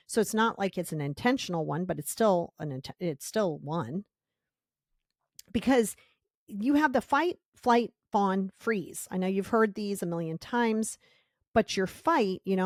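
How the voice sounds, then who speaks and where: A woman's voice: mid-range voice, darkish tone, dry recording, studio quality. A woman hosting a self-help podcast, talking emphatically, repeating key words for stress and acting out little scenes in quoted voices. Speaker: podcast host.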